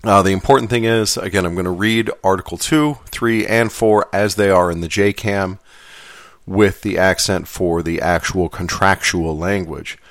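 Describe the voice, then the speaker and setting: A man hosting a podcast, talking casually about what he will read, relaxed and self-deprecating. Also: sits low, moderate pace, dry recording, clean studio sound. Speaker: podcast host.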